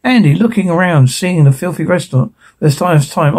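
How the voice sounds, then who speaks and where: A man narrates a film script in a mellow, slightly husky voice that sits a touch high for a man. His reading is plain and unpolished, stumbling now and then and starting lines over. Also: expressive, fairly quick. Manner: plain reading with small slips and restarts.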